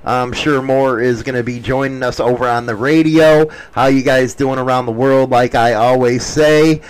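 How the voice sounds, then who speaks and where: A man's voice: mid-range voice, steady tone, moderate pace, smooth, low-quality recording. A middle-aged man hosting a show, trading crude, profane teasing in casual banter. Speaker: show host.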